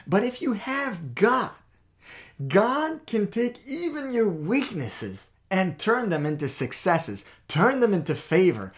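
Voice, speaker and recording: Male co-host of a faith talk show. Animated and emphatic, with frequent restarts. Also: high-pitched, takes it slowly. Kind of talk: faith talk with personal stories.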